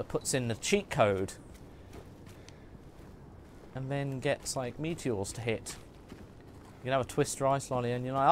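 A man's voice: mid-range voice, a little hiss or hum. A man streaming a game, chatting and joking and muttering asides to himself as he plays. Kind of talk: casual gaming commentary.

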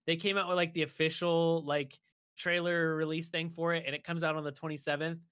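A young man co-hosting a casual podcast, telling rambling, animated stories. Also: fairly high pitch, fairly quick, a little hiss or hum. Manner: rambling, animated storytelling with shouted impressions. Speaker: podcast co-host. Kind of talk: casual chat.

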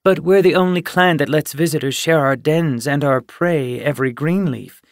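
A man's voice: on the high side, normal speed, no echo, studio quality, pitched above the performer's own voice, lightly acted. A man voicing an anxious young she-cat queen in an audiobook, fretting about what others will think. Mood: fretful. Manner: fretful, worried.

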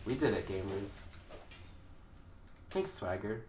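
A man streaming a game from a couch, chatting and taunting opponents with sudden loud outbursts. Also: mid-range voice, expressive, moderate pace, long pauses, echoey room, slight background noise. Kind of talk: live gameplay chat. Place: indoors on a couch while house sitting.

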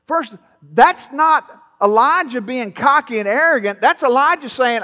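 A man preaching with a high, ringing tone, his bright and forceful delivery carried through a church. He is folksy and playful, teasing his listeners between points. The sound trails off in the long reverb of a big sanctuary. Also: lively intonation, measured pace. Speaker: pastor. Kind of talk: sermon.

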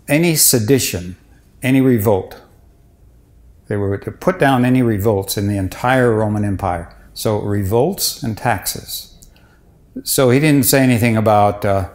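An older man, a retired bishop, giving an informal lecture on scripture in a measured way, pausing often with "uh" and restarting his sentences. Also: mid-range voice. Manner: measured, with many "uh" pauses and restarts.

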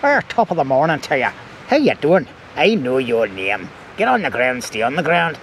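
A man's voice: mid-range voice, sing-song, moderate pace, fairly bright tone, a little hiss or hum. A man putting on a stagey Irish bloke. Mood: brash. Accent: put-on Irish. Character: cartoonish Irish man, brash and bossy.

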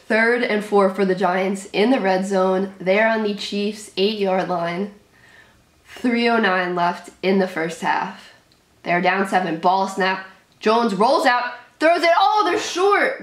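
A young woman with a medium-pitched voice calls an American football game live as a fan, speaking in short, clipped sentences. She sounds nervous and anxious throughout her play-by-play and shrieks at the big plays, and the audio is reverberant.

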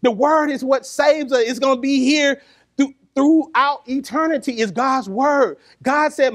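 A man preaching a sermon, animated and lively, laughing and calling the congregation to answer back. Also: very high voice, a little slow.

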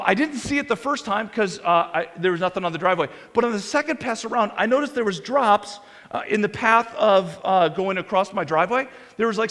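A male pastor preaching a sermon in a conversational, animated way, with many restarts and acted quotes. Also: high-pitched. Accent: American. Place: church sanctuary. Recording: long hall reverb.

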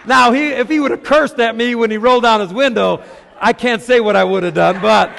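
A middle-aged man preaching a sermon as a pastor, asking rhetorical questions and shifting between hushed and loud passages. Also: extremely high pitch, a little fast, creaky, long reverb tail, a faint crowd, a little hiss or hum.

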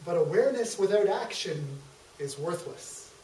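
A man's voice: sits high, lively intonation, normal speed, darkish tone, a little hiss or hum. A man doing a preachy folksy TV psychologist. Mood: coaching. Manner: lecturing in homespun sayings. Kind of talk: amateur stage comedy skit. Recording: echoey hall from far off.

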